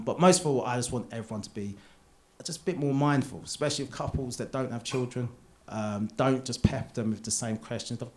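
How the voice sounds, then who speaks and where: A British stand-up comedian in his thirties, chatty and confessional as he tells a personal story to a theatre crowd. His voice sits at an ordinary middle pitch. He drops low and quiet for the set-ups, then gets loud for the punchlines. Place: theatre stage.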